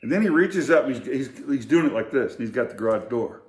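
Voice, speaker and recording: An older man casually telling family stories, in a rambling, halting way with many fillers and restarts. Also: mid-range voice, animated. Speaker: storyteller. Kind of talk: casual storytelling. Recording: echoey room.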